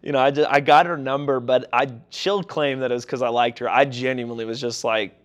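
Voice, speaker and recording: A man's voice: mid-range voice, steady tone, fairly quick. A young adult man, a pastor, telling a personal story casually in an interview and animatedly acting out quoted voices.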